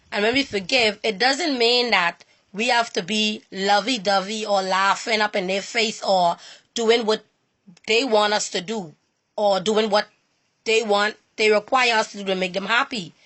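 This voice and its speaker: A woman with a mid-range, fairly bright voice gives a sincere personal talk on faith as an inspirational speaker. She keeps repeating points and breaking off to start phrases over.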